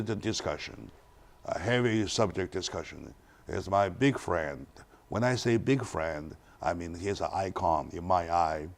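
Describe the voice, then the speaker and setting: A man hosting a studio talk show, introducing a guest and speaking in halting phrases with many restarts. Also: low voice, darkish tone.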